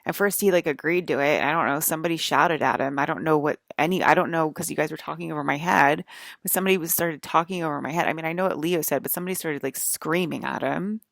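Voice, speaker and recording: A woman's voice: sits low, quick pace, vocal fry, fairly bright tone, dry recording, studio quality. A woman rambling in an agitated monologue to her viewers, full of "like" fillers and swearing. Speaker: vlogger.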